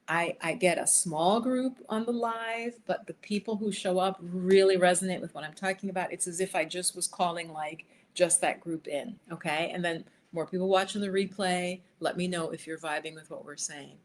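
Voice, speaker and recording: A woman hosting a livestream, chatting with viewers and reading cards for them, sometimes dropping to a soft whisper while she shuffles. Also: fairly low pitch, steady tone, moderate pace, hardly any pauses, slight background noise. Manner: chatty, riffing, addresses viewers by name. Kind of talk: casual live chat with tarot readings. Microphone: headphones.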